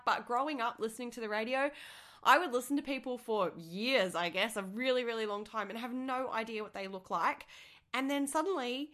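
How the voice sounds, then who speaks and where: A woman's voice: fairly high pitch, pushed and bright. A young Australian woman hosting a solo podcast, chatty and upbeat, sounding nasal and congested from the flu. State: congested, stuffy-nosed from flu. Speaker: podcast host.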